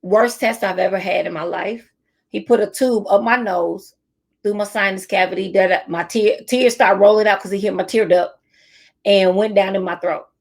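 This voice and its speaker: A woman's voice: medium pitch, steady tone, moderate pace, creaky. A middle-aged woman teacher and speaker giving a motivational talk to teachers, telling stories and repeating her key phrases.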